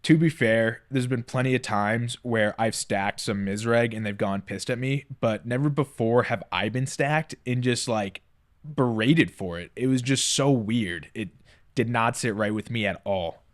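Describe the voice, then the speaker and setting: A man's voice: medium pitch, measured pace. A man narrating a poker vlog in a blunt, irritated storytelling voice-over. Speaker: poker vlogger.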